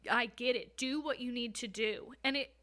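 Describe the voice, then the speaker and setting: A young woman talks openly as a podcast guest, her voice fairly high and bright. She tells hard personal stories in a frank, casual way, swearing freely and laughing at times. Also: moderate pace. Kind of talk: candid conversational storytelling.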